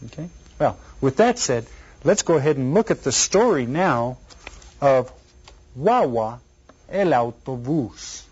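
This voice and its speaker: Male elementary Spanish teacher, unhurried, drills words back, dull lo-fi recording. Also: mid-range voice, animated, a little mellow, husky. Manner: repeats words slowly and quizzes the listener. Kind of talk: elementary Spanish lesson for children.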